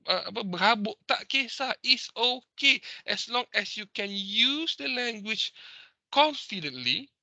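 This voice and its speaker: A man's voice: high-pitched, sharp tone, no room sound. A Malaysian man teaching an online class, lecturing emphatically and switching between Malay and English over a video call.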